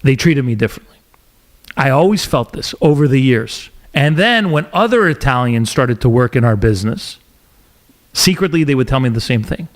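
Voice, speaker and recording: A middle-aged man from Montreal, a podcast host telling a story in casual interview chat with animated, emphatic delivery. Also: medium pitch, normal speed. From Montreal, Canada.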